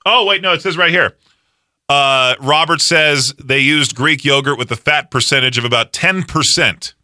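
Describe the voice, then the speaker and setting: A man's voice: on the high side, moderate pace, pushed and bright, no echo, studio quality. A man hosting a radio show, bantering casually with a co-host, teasing and laughing often. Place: radio studio.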